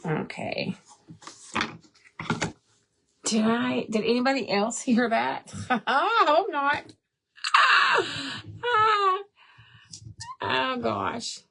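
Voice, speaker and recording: A woman's voice: on the high side, animated, slow, creaky, long pauses, fairly bright tone. A woman hosting a craft livestream, chatting casually, laughing often and answering viewers by name. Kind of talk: casual live chat while crafting.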